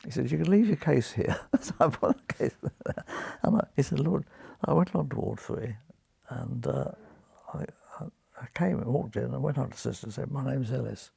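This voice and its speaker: A retired British surgeon in his nineties, an interview guest, tells lively anecdotes, acting out voices and chuckling. His British English voice is medium-pitched at normal speed, husky with vocal fry, on a dry recording.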